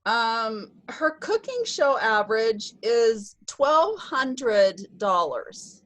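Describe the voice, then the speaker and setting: Upbeat woman running a team video call, kinda high voice, dry close sound. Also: sing-song, extremely slow, fairly bright tone, no room sound, poor audio. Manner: bubbly, cheers and whoops often. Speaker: sales team leader hosting a virtual meeting. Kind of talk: upbeat online meeting announcements.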